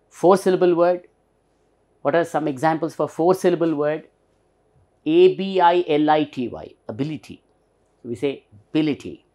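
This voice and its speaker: A man's voice: fairly high pitch, mellow. A man teaching a pronunciation lesson, patiently spelling out and repeating words. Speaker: English teacher.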